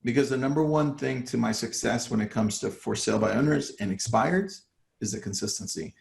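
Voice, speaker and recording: Gravelly-voiced man coaching real estate agents. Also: mid-range voice, fairly quick, darkish tone, reverberant. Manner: casual, acts out phone calls. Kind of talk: live online training talk.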